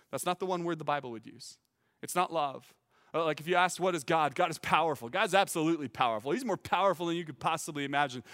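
A man preaching a sermon in an earnest, emphatic way, often repeating words as he starts a phrase. His voice sits a little high for a man. A long hall reverb trails behind him. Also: sharp tone. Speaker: teaching pastor.

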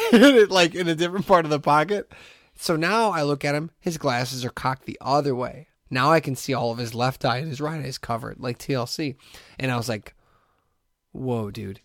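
A man spins a story on a podcast, slipping into the voices of the people he quotes and laughing as he goes. His voice sits at a middle pitch. The sound is dry and close, with no room echo. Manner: animated storyteller, acts out quotes, laughs often. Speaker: podcast co-host. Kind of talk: casual storytelling chat.

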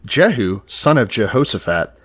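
Animated man retelling Bible stories. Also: fairly low pitch, moderate pace. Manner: animated, acts out quoted characters with profanity. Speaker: podcast co-host.

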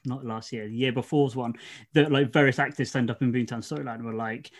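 A man co-hosting a podcast, with a mid-range voice. He tells stories in an animated, casual way, swearing freely. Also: medium pitch, a little fast. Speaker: podcast co-host.

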